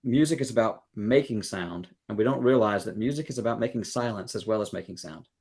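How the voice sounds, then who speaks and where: A man's voice: on the low side, fairly quick, darkish tone, husky. A man from the States, a guest music educator in a podcast interview, explaining earnestly with everyday analogies. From Southern United States. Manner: acts out quoted exchanges.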